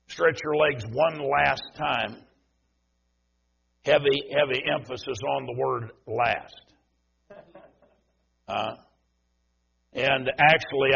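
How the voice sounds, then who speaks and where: A man's voice: mid-range voice, gravelly, fairly bright tone, breathy edge, dull audio. A visiting male preacher giving a folksy sermon in a church service, making direct appeals to the congregation.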